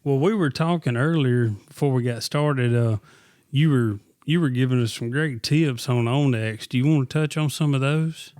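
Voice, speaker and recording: Smooth-voiced casual podcast host man. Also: mid-range voice, moderate pace, a little mellow, no echo.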